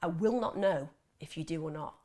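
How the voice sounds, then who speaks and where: A woman's voice: low-pitched, normal speed. A woman hosting a live mental health Q&A, chatting casually and reading out viewer questions. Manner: chatty, animated, laughs often, mimics voices. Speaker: host of a mental health Q&A livestream.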